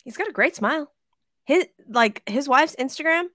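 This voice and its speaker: A woman co-hosts a casual sports podcast. She talks in a high, bright voice, and her excitement spills into gushing and plenty of swearing. The sound is dry and close. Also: moderate pace, dry recording. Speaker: podcast co-host.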